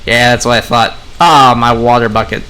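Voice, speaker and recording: A man's voice: mid-range voice, normal speed, clear, resonant tone. A young man talking casually to his viewers while playing a game, rambling between gameplay and opinions. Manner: relaxed, rambling, talks to viewers. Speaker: gaming vlogger.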